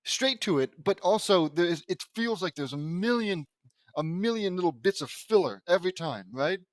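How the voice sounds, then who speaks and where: A man's voice: high voice, expressive, normal speed, dry recording. A man reading fan fiction aloud and mocking it with dry, sarcastic asides. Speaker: reader commenting on fan fiction. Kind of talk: sarcastic dramatic reading with commentary.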